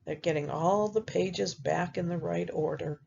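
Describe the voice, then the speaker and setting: Teacher lady reading a kids book, slow n gravelly, kinda muffled recording. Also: on the low side, a little mellow, a little hiss or hum. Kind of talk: children's read-aloud storytelling.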